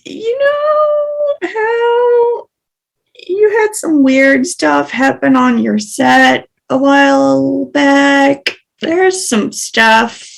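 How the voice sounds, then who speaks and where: A woman's voice: high voice, extremely slow, creaky, pitched above the performer's own voice, full character voice. A woman playing a fond, bumbling farmer dad. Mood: warm, fumbling. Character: big friendly Scandinavian farmer dad, affectionate.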